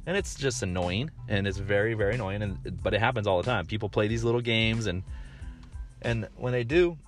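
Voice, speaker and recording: A man's voice: on the low side, brisk, faint music behind. A man in his thirties hosting a casual monologue, rambling with lots of fillers and restarts, blunt and swearing freely. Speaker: podcast host.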